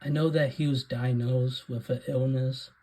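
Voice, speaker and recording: A video host gives a casual, rambling rant about films at normal speed, his medium-pitched voice steady and dark in tone. He hesitates frequently and says "um" a lot, and the recording is low-quality.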